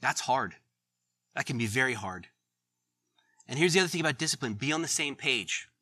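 Middle-aged male preacher, very bright tone, dry close sound, earnest and chatty. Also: mid-range voice, lively intonation, a little fast, dry recording. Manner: conversational, earnest, laughs at his own stories. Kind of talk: sermon.

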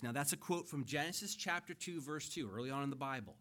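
A middle-aged pastor preaches to his church in the sanctuary, earnest and conversational, building emphasis while explaining scripture. His voice runs on the high side and fairly bright, quick with few pauses.

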